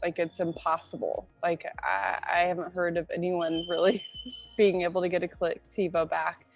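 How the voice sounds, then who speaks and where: A woman's voice: fairly low pitch, normal speed, faint music behind, poor audio. A woman guest in a casual chat, talking loosely with many fillers. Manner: relaxed, filler-heavy with many likes.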